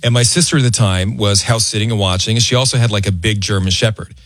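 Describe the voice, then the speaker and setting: A man hosting a radio call-in show, telling a story in an animated way and acting out the people in it. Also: fairly low pitch, fast talker, no room sound. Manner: animated storyteller, acts out quotes. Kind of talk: casual radio chat and storytelling.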